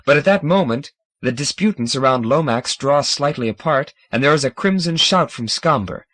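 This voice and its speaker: A man reading a science fiction audiobook in a dramatic, measured narration style. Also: medium pitch, animated, fairly bright tone, no room sound. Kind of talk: scripted narration.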